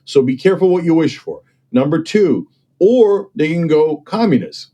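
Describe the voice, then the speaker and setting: A man argues politics with emphatic, persuasive energy, tossing in "okay?" and "right?" to drive points home. His voice sits a bit high, yet its tone is dark and mellow. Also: animated, normal speed. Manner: acts out other people's voices when quoting them. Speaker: political commentator and guest. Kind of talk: impassioned political discussion.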